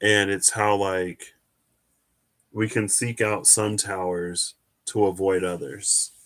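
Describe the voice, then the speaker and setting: Slow, rambling man reading tarot. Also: sits low, flat delivery, fairly bright tone. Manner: rambling, reflective, answers viewer questions. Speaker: tarot reader hosting a live stream. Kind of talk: casual live-stream chat.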